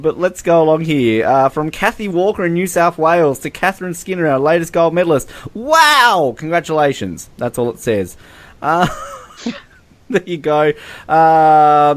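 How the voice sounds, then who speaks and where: A man's voice: on the high side, unhurried. A man, hosting a casual podcast, jokingly reading fan messages aloud and laughing often. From Australia. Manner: playful, laughs often through his own lines. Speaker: podcast host.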